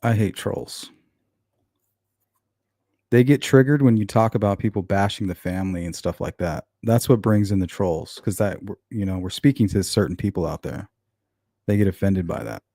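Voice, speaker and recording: A man's voice: low-pitched, moderate pace, dark tone, dry recording, clean studio sound. A man hosting a casual true-crime livestream, reading comments out and answering viewers in a blunt, sarcastic way. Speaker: true-crime channel host.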